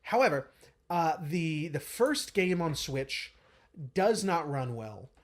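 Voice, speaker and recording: Relaxed, hesitant male podcast co-host. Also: a little high, slow. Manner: relaxed, hesitant, many uhs. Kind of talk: casual chat.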